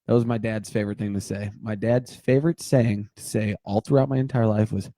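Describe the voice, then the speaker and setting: A man in his thirties chats loosely on a livestream, rambling from story to story and tossing in jokes as he greets viewers. His voice sits in a middle pitch with a mellow, darker tone. The sound is dry and close, with no room echo. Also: steady tone, a little fast. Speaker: livestream host. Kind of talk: casual livestream chat.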